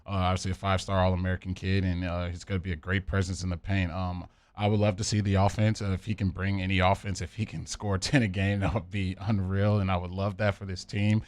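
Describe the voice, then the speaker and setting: A man co-hosting a sports talk radio show, chatting quickly and laughing easily. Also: deep voice, level tone, dry recording.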